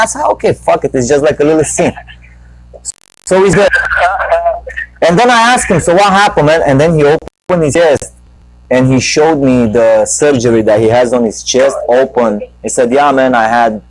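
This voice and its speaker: A man's voice: medium pitch, normal speed, dry recording, poor audio. A man hosting a live talk show, telling a long rambling anecdote full of profanity and restarts. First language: Romanian. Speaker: talk show host and comedian.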